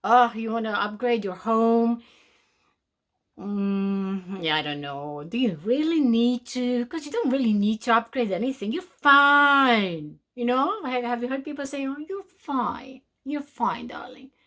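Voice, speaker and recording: A woman speaks to her viewers in a slow, drawn-out way. Her voice sits a little high, and she slips into mocking voices of the people who tell others to be quiet. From from outside North America. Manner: animated, mocking voices of naysayers, calls listener darling. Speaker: spiritual show host. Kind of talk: motivational talk to camera.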